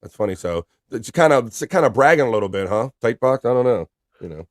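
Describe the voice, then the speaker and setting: A man's voice: mid-range voice, animated, quick pace, no room sound, studio quality. A man hosting a live stream, joking casually and reading chat messages aloud. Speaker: livestream host.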